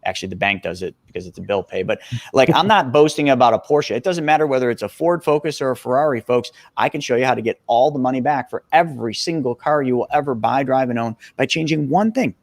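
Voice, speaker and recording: A man's voice: mid-range voice, quick pace, no echo, studio quality. A man in his forties, a guest expert on a podcast interview, talking with energy and emphasis and calling the listeners folks. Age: 40s.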